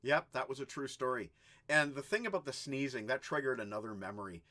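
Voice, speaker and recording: A man hosting a rock music vlog, telling anecdotes in a chatty, animated way. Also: mid-range voice, fairly quick. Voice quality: animated, chatty storyteller who does little sound effects. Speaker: host of a rock music video channel. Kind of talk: casual storytelling vlog.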